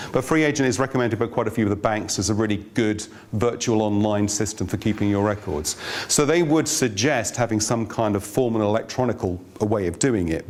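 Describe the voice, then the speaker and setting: A man presenting a finance course in a room with an audience, in a chatty, anecdotal way with wry asides. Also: fairly low pitch. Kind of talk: informal teaching talk.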